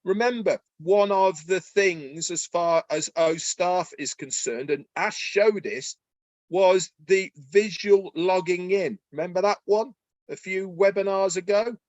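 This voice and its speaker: Excited high-voiced man pitching on a webinar. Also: unhurried, no echo, dull audio. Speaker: webinar presenter. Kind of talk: promotional webinar talk.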